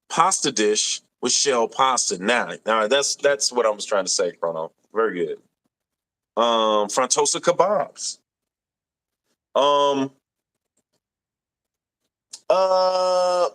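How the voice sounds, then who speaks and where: Laid-back slow-talking male stream host. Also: mid-range voice, fairly bright tone. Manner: laid-back, laughing, drawn-out readings. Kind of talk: casual live stream chat reading comments.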